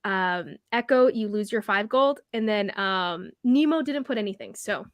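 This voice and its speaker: A woman's voice: medium pitch, animated, measured pace, no echo. A woman narrating as a tabletop game master, rambling with many fillers and self-corrections.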